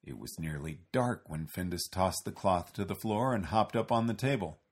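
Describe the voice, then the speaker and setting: A man reading a children's storybook aloud in a slow, gentle way. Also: low-pitched, lively intonation, breathy edge. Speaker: narrator.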